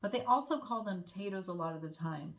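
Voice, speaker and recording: A woman's voice: medium pitch, expressive, fairly quick, fairly bright tone. Young American woman, vlogger, friendly, chatty explainer, mid-range voice. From United States. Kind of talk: casual explainer vlog.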